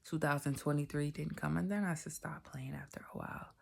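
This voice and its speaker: A low-pitched woman shares a personal testimony in casual storytelling. Her voice is gravelly and a little husky, and she keeps repeating phrases and sinking into a whisper to drive points home. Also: fairly quick. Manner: animated, repeats phrases, drops to whispers for emphasis. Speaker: vlogger telling a personal testimony.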